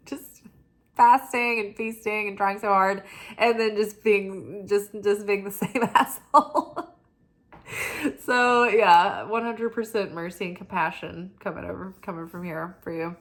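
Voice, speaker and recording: A tired woman reading oracle cards hosts her weekly forecast in a medium-pitched, slightly bright voice at a measured pace. She chats casually, pokes fun at herself, and says "like" a lot.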